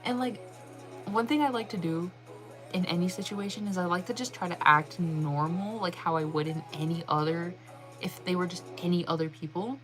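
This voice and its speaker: A young woman telling a story in a casual, animated way, acting out her own reactions in a higher voice and laughing often. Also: moderate pace, soft background music. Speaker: channel host.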